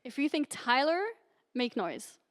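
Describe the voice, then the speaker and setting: A woman moderating a live panel on a convention stage, upbeat and quick to laugh. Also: sits high, very animated, heavy background noise. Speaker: panel host.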